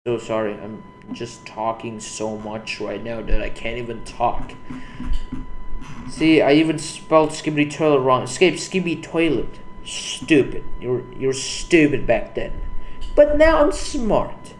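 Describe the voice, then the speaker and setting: A man's voice: mid-range voice, fairly even intonation, a little slow, a little hiss or hum. A young man rambling through casual commentary about his own channel, self-deprecating and full of restarts. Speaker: YouTuber. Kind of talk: casual screen-recorded commentary.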